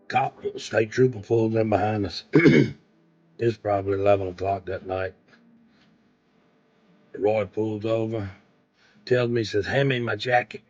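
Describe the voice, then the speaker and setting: A man tells a road story plainly and dryly. His voice sits fairly low. Faint music plays underneath him. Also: darkish tone, muffled recording. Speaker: interviewee, friend. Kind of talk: storytelling in a casual interview.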